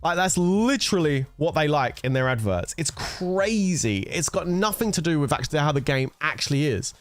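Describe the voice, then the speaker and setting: Animated streamer. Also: male voice, mid-range voice, moderate pace, dry recording, soft background music. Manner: teasing, animated, swearing banter. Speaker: gaming streamer. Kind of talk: casual livestream chat with viewers.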